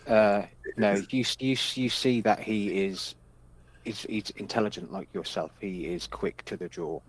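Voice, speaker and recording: A man narrating as game master of a tabletop game, halting with frequent restarts and casual swearing. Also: on the low side, steady tone.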